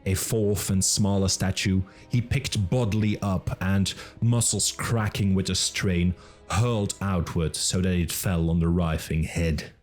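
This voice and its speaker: A man narrating a fantasy audiobook in a measured, dramatic reading. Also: low voice, fairly even intonation, darkish tone, faint music behind. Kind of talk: scripted narration.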